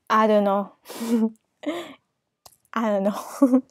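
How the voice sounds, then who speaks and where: Slow, soft-spoken woman tarot reader. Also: mid-range voice, flat delivery, dry recording, clean studio sound. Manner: emotional, laughs often, talks to viewer directly; reassuring, repeats "okay?". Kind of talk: casual tarot reading.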